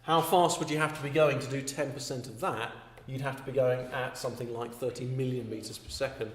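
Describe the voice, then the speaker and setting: A man's voice: medium pitch, steady tone, brisk. A man teaching an astronomy class, explaining step by step and often checking with "okay?". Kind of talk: classroom lecture. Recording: echoey classroom with faint hum.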